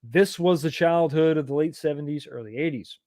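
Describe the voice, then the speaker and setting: A middle-aged man chats loosely through viewer comments, wandering off into childhood stories and poking fun at himself. His voice sits a touch high for a man. It is recorded close and dry, with no room sound. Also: brisk, darkish tone, dry recording. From East Texas, USA. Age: 40s or 50s. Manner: rambling, self-deprecating, chuckling asides. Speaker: live stream host. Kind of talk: casual live chat reading comments.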